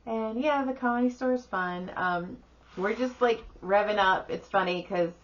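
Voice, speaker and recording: Her mid-range voice comes at a measured pace through a muffled recording. Co-hosting a podcast, this middle-aged woman tells stories animatedly in casual chat, voicing the people she quotes and swearing without restraint.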